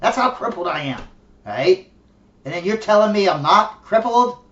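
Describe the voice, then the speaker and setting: A man with a fairly high voice rants sarcastically and profanely, stumbling over repeated words as his anger builds. He sounds distant from the mic in an echoey room. The audio is dull and lo-fi. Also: expressive, normal speed, fairly bright tone. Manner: angry, profane and sarcastic, with repeated stammering restarts. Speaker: video blogger. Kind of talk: ranting monologue to camera.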